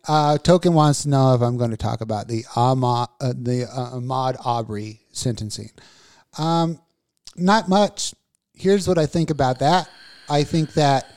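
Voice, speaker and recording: A man's voice: a little high, a little mellow, clean tone. A man co-hosting a casual radio talk show, ranting with heavy swearing. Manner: profane, impassioned ranting. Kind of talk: casual podcast chat.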